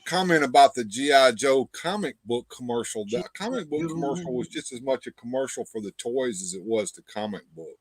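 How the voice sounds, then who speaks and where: A man hosting a casual livestream chat, talking haltingly with repeated words and fillers. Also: medium pitch, expressive. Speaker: show host.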